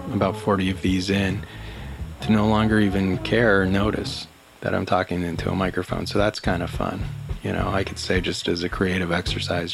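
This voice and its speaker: A man hosting his own podcast, talking in a calm, rambling monologue full of fillers and small laughs at himself. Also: low-pitched, creaky. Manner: calm, rambling, self-amused, with many fillers. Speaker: podcast host. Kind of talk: casual solo monologue. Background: background music.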